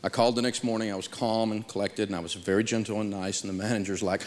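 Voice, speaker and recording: A middle-aged man and radio host telling a personal anecdote, animated and quick to mimic the people in it. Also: on the low side. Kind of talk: storytelling anecdote. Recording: faint noise with a long hall reverb.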